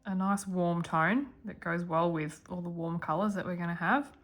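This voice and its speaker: A woman's voice: fairly low pitch, steady tone, moderate pace, soft background music. A woman hosting a guided coloring tutorial, chatting and mumbling to herself as she works. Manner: chatty, mumbling self-talk while working.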